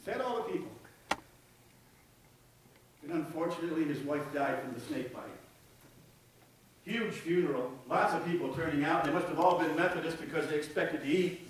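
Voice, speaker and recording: A man preaching a sermon, telling a folksy story and dropping to a hush for emphasis. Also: fairly high pitch, moderate pace, pauses often, background noise. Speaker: pastor. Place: church sanctuary. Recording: echoey church from far off.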